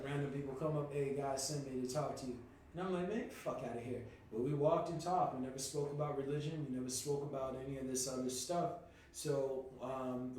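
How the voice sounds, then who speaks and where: A man telling a personal story on a podcast in a casual, animated way, swearing freely and sometimes rising to a shout. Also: mid-range voice. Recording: echoey room, distant from mic, faint noise.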